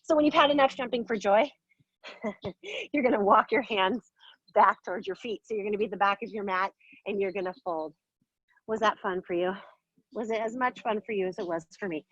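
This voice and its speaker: A woman's voice: mid-range voice, a little fast, a bit bright, no echo, dull audio. A woman teaching a yoga class, giving upbeat, playful cues while moving and a little out of breath. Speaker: yoga instructor. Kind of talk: guided yoga class instruction.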